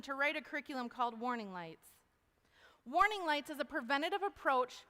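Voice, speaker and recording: A woman giving an animated testimony talk to an audience, folksy, calling them y'all. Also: high voice. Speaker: speaker at a university event. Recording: long hall reverb.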